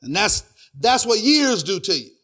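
A middle-aged male pastor preaching a sermon, filling it with "praise God" and "hear me," swinging between hushed asides and loud sung preaching. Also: high-pitched, big pitch swings, normal speed.

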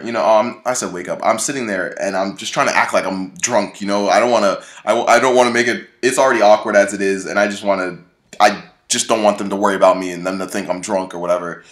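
A young man from Florida telling a story in a casual, rambling, slangy way, full of restarts. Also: fairly low pitch. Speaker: vlogger. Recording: echoey room.

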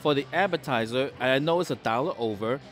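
A man's voice: mid-range voice, a little fast, fairly bright tone, soft background music. A man hosting a casual food vlog in a sports bar restaurant, chatting and rambling through anecdotes. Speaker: food and travel vlogger.

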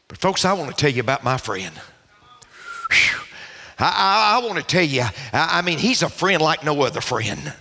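A man preaching a sermon as pastor, with emphatic repetition and shouted peaks. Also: on the high side, big pitch swings, normal speed. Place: large church sanctuary. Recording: long church reverb.

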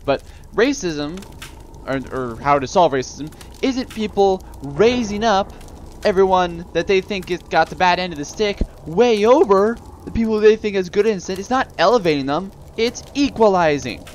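Brief: young man with a slightly high voice, rambling rant-filled gameplay commentary. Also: expressive, normal speed, a little hiss or hum. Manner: rambling, ranting. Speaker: let's play gamer.

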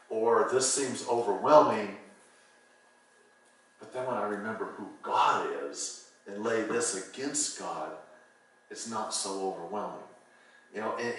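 A middle-aged male pastor from California preaches in a loose, storytelling way, full of fillers and restarts. His voice rings through a very roomy church hall. He stands at some distance from the microphone. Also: mid-range voice. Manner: rambling, anecdotal, frequent "you know" fillers. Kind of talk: sermon. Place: church sanctuary. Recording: roomy hall, voice from far off the mic.

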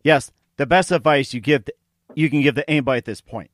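A man's voice: mid-range voice, fast talker, no room sound. A man hosting an interview show, friendly and encouraging as he praises his guest and asks questions. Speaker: talk show host.

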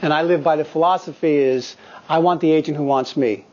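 A guest actor in his fifties tells candid, profane anecdotes to acting students in a studio, animated as he goes. His voice is a little high and brisk, and the lo-fi recording sounds slightly dull.

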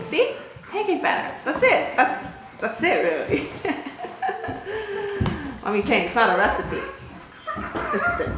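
A chatty woman with a fairly high, lively voice hosts a casual home cooking vlog, teasing herself and laughing as she goes. The room is very echoey, and clicking noises sit plainly behind her. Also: slight background noise. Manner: playful, chatty and self-mocking, laughs often. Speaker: host, a mother cooking for her channel.

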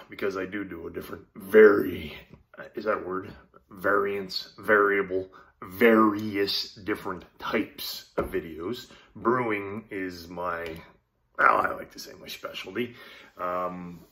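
A man's voice: fairly low pitch, pushed and bright. A man, chatting loosely to camera at home in his apartment, joking and swearing as he reviews beer. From Canada. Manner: loose, profane, joking asides. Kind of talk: casual rambling chat to camera.

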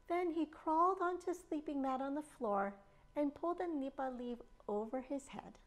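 A woman children's librarian reading a picture book aloud in an expressive storytime manner. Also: sits high, normal speed.

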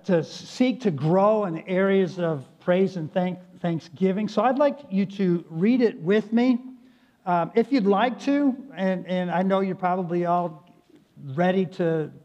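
A man's voice: high voice, a little mellow, muffled recording. A man preaching a sermon as pastor, speaking earnestly and appealing directly to his congregation in a church sanctuary.

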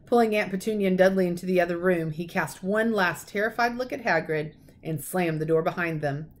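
A woman teacher reading a children's novel aloud, expressive and lively. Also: fairly low pitch, a little fast.

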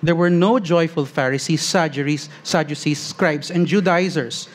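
A man preaching a sermon as pastor, earnest, slowing on key phrases and rising as he reads scripture aloud. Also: a little high.

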